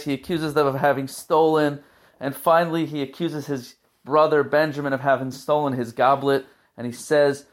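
A man giving a weekly Torah portion talk as a teacher, telling the story in an earnest, emotional way. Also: fairly high pitch.

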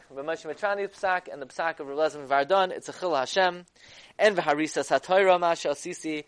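A man giving a text-study lecture. He reads Hebrew sources and explains them in English, growing loud and emphatic at key points. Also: fairly high pitch, fairly quick, clean tone. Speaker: Torah lecturer.

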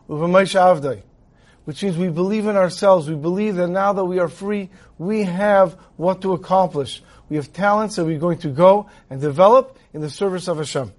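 A man teaching a Torah lecture, retelling a story and acting out its dialogue. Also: sits high. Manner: animated storyteller who acts out dialogue. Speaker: rabbi teaching.

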